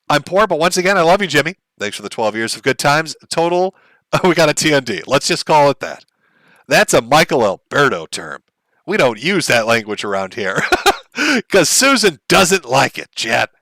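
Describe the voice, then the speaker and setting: A man's voice: fairly high pitch, sharp tone, no echo. A middle-aged man hosting a livestream, reading viewer messages aloud in a wry, joking way and laughing at his own jokes. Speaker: livestream host.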